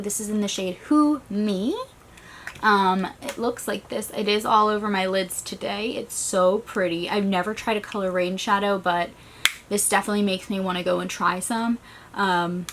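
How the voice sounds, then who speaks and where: Woman, beauty vlogger, casual unboxing chat, fast and rambling, post-migraine, mid-pitched voice, faint clicks. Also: a bit bright, a little hiss or hum. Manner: chatty, rushed, trailing off. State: recovering from a migraine. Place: small stuffy room.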